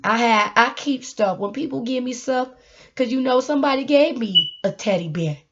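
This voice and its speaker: Rambling woman, high voice, dull lo-fi phone sound, casual motivational talk. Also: moderate pace. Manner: rambling, laughing, swings from loud to hushed. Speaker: motivational vlogger.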